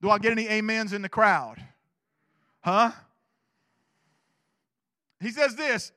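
Male pastor, very high voice, animated sermon delivery, dry close sound. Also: takes it slowly, pauses often, dry recording. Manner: animated, swings between loud urging and hushed asides. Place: church.

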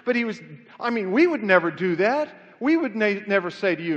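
Middle-aged pastor, high voice, mixing jokes with urgent preaching in a reverberant church; sound a bit muffled. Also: male voice, sing-song, brisk, a bit bright. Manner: conversational preaching with self-deprecating humor, rising to fervent emphasis. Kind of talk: sermon. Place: church sanctuary.

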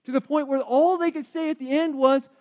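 Male pastor with a very high voice, conversational sermon, hushed asides and loud emphatic points. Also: fairly even intonation, fairly quick. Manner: conversational, repeats words and restarts.

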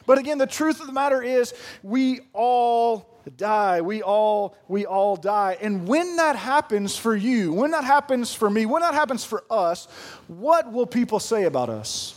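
High-voiced joking pastor in his thirties. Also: animated, a little slow. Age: 30s. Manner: folksy, joking storyteller. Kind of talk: sermon.

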